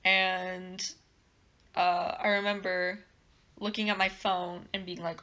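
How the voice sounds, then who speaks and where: A young woman tells a casual story-time vlog with a bright, ringing tone. She rambles along with plenty of fillers and keeps breaking into giggles. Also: on the low side, level tone, takes it slowly, lo-fi sound. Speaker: vlogger.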